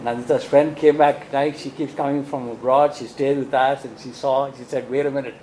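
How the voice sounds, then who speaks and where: A man's voice: medium pitch, normal speed, a little hiss or hum, poor audio. A man with an Indian English accent preaching a sermon, asking rhetorical questions and often tagging "right?". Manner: animated, rhetorical questions, frequent "right?" tags.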